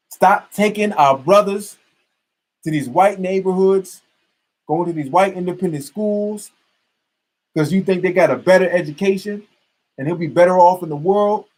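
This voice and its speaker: Fiery, ranting man with a husky voice. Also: sits high, moderate pace, a little mellow, rough recording. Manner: fiery, preachy, profane, repetitive. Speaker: podcast host. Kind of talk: heated ranting monologue.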